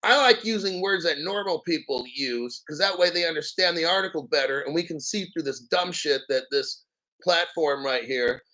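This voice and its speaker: A man hosting a crypto livestream, reading an article aloud with profane, sarcastic rambling asides and frequent throat-clearing. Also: on the high side, moderate pace, pushed and bright, low-quality recording. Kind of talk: profane ranting commentary while reading an article.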